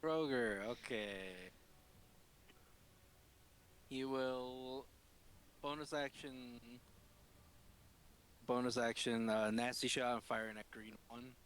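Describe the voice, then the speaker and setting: A man's voice: mid-range voice, slow pace, long pauses, fairly bright tone, smooth. A man playing a tabletop game, declaring his actions hesitantly while thinking aloud. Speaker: player. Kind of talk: casual tabletop play.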